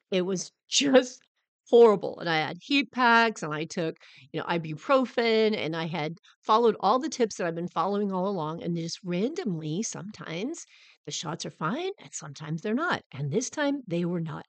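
A middle-aged woman hosts her podcast, talking through a personal story in a candid, conversational manner. Her voice sits on the low side, and the recording is close and dry with no room sound at all. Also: no room sound. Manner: candid, conversational, animated when recalling hard moments. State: recovering from a cold. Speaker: podcast host.

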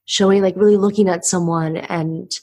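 A woman hosting a casual interview, asking questions empathetically with animated reactions. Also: fairly low pitch, normal speed. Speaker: interviewer host.

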